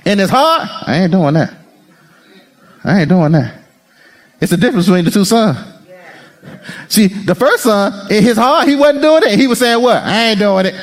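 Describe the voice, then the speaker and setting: Preaching in a call-and-response style, this male pastor performs prayers and quotes dramatically. His delivery shifts back and forth from energetic bursts to hushed, murmured praying.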